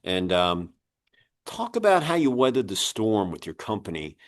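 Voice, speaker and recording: A man's voice: fairly low pitch, huge pitch swings, normal speed. Older man telling rambling stories. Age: 60s. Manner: rambling anecdotes with many fillers. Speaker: podcast host and magazine publisher. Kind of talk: casual storytelling interview.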